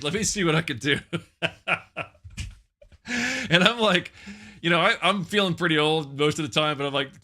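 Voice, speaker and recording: A man hosts a casual live podcast with a bright, clear tone. He banters loosely, jokes and swears without a care. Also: mid-range voice. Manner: loose, joking, swears freely. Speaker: podcast host.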